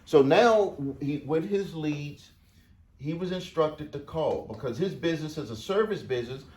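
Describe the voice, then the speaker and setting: A man's voice: fairly high pitch, lively intonation, normal speed, a little mellow. A man coaching small business owners, telling a client story casually to camera, often repeating phrases for emphasis.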